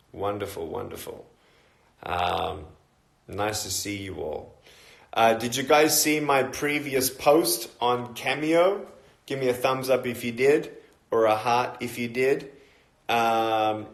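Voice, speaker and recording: A middle-aged Australian man chatting casually on a phone livestream, greeting viewers by where they are and filling pauses with ums and uhs. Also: medium pitch. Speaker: motivational speaker. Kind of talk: casual live-stream chat.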